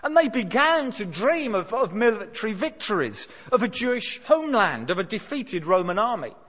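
A man preaching a sermon, emphatic and expressive, dropping his voice low for dramatic lines. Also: normal speed. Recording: dull sound with long hall reverb.

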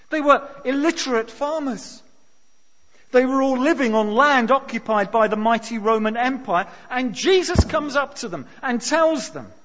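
High-voiced guy preaching, leans hard on key words, dull sound, big church echo. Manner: emphatic, rises to near shouts on key words. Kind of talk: sermon. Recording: dull sound with long hall reverb.

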